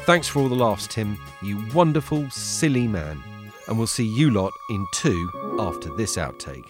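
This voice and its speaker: Announcer reading credits over music. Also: male voice, fairly low pitch, expressive, moderate pace. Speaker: show announcer. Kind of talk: scripted credits read.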